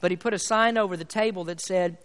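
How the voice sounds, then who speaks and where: A man preaching a sermon in a church, emphatic, swinging between loud and quiet. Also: high voice, steady tone, fast talker, clear, resonant tone. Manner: emphatic, rises and falls in volume. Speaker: pastor. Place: church sanctuary. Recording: long hall reverb.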